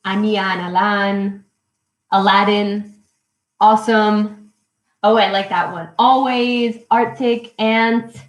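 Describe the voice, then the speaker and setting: A young woman teaching English poetry to children in a live online lesson, speaking slowly and clearly and cheering them on. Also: mid-range voice, reverberant, low-quality recording. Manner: encouraging, slow and clear, counting syllables aloud. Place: at home.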